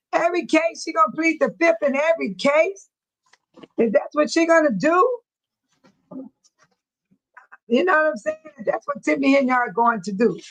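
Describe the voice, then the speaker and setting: Woman host, chatty and repetitive, talking to viewers live; voice sits a bit high. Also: fairly bright tone, rough recording. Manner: repetitive, chatty, quick to laugh. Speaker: livestream host. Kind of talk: casual live chat with viewers.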